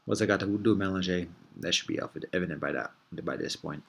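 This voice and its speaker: A man with a somewhat low voice talks through his thoughts in a relaxed, rambling monologue. He circles back, restarts sentences and drops casual slang as he hosts. The delivery is easygoing and reflective. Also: fast, vocal fry, breathy edge. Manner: meandering, thinks aloud with frequent restarts. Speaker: host.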